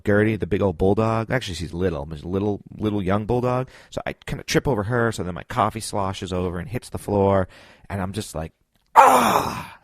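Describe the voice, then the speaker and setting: A man with a very low voice rambles through a casual, self-deprecating story for a gaming podcast. The recording is dry and close, with no room sound. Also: no room sound. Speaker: podcast co-host. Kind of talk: casual monologue.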